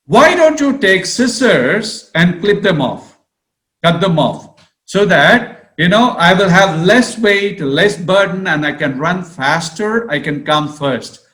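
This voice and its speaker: A man's voice: high voice, expressive, takes it slowly, fairly bright tone, echoey room, full character voice. A man voicing a young female bird who whines, begs and complains to her mother. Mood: pleading. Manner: whining, begging.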